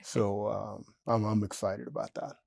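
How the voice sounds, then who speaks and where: A man in his sixties, an interview guest telling a story in a lively way, jumping up in pitch when he quotes himself. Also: measured pace, vocal fry, dry recording. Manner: animated storyteller, jumps high in pitch when quoting himself.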